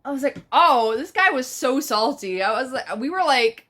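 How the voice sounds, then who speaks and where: Woman, new york accent, storytime vlog, high voice, slangy and swearing a lot. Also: normal speed. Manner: animated, profane, slangy storytelling. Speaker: vlogger. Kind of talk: casual storytime.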